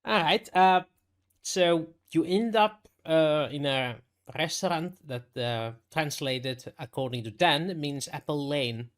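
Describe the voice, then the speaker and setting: A man's voice: fairly high pitch, slow, clean tone. A man narrates a tabletop role-playing game as the game master. He stops and restarts often, fills gaps with ums and uhs, and laughs easily with his players. The sound suggests a mic at home on a voice call. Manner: hesitant, filler-heavy, laughs often.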